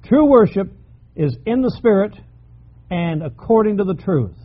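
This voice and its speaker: A man's voice: high voice, lively intonation, measured pace, highs cut off. A male preacher giving a sermon, emphatic and repeating key phrases for stress.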